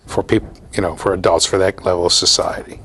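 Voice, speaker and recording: A man's voice: deep voice, flat delivery, brisk, fairly bright tone, slight background noise, voice pushed down. A man quoting a disdainful upper-class British host in his lecture.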